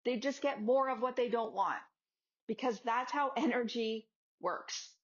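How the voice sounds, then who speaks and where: A woman's voice: fairly high pitch, measured pace. A woman yoga teacher and podcast host giving a casual motivational talk, chatty and acting out little dialogues with her students. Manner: conversational, acts out dialogues with students. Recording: slightly dull lo-fi audio.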